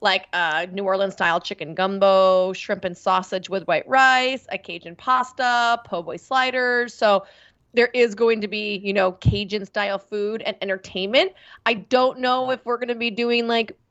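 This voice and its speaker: A woman's voice: medium pitch, steady tone, moderate pace, fairly bright tone. Bubbly woman co-host over a dull call. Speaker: racing podcast co-host. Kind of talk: casual chat. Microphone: video call.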